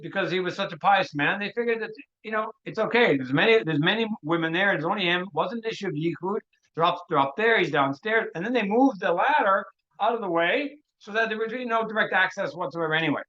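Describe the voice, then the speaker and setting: A man, a rabbi, teaching a Torah workshop through an animated story, often restarting phrases and dropping in Hebrew terms. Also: fairly high pitch, dull audio.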